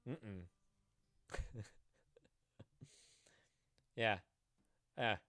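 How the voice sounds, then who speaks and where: A man's voice: mid-range voice, expressive, unhurried, pauses often, fairly bright tone, clear, resonant tone, no echo, studio quality, faint music behind. A man chatting casually on a live stream, rambling, laughing and swearing as he answers viewers.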